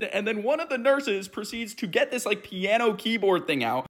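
Animated high-voiced man telling a story. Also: fairly quick, few pauses. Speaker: vlogger. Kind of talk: storytime vlog.

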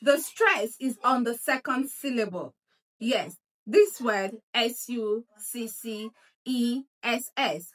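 A woman teaching pronunciation, drilling and repeating words slowly so the listener can copy. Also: fairly high pitch. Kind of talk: pronunciation lesson.

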